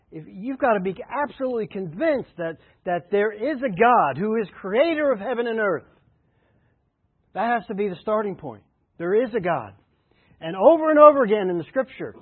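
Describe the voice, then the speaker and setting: A man's voice: high-pitched, slightly rough. A man preaching a sermon as a pastor, emphatic and repeating his key phrases. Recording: tinny phone-like radio sound.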